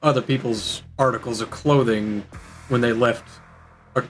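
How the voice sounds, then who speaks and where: A man's voice: mid-range voice, fairly even intonation, moderate pace, soft background music. A man playing a tabletop game who makes wry, joking remarks in casual chat. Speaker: player.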